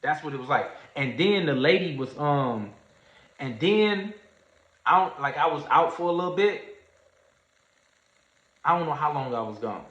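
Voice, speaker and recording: Guy chatting on stream, animated storyteller, slangy, kinda high voice. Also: unhurried, long pauses. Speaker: trading streamer. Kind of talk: casual livestream storytelling. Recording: echoey room, dull lo-fi sound.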